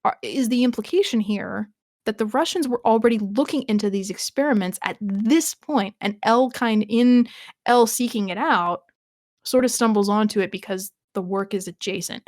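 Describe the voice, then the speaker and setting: A woman chats on a rewatch podcast in a mid-range voice, recapping scenes and musing aloud with quick restarts and laughs. Her voice sits close and dry on the mic, with no room sound around it. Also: mid-range voice, darkish tone, no room sound. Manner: chatty, thinking aloud with frequent restarts and laughs. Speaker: podcast co-host. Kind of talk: casual rewatch podcast chat.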